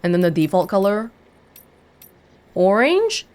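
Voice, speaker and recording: A woman's voice: mid-range voice, very animated, measured pace, darkish tone. Woman hosting a let's play, casual, talks through choices. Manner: chatty, thinking aloud. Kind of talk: casual gameplay commentary.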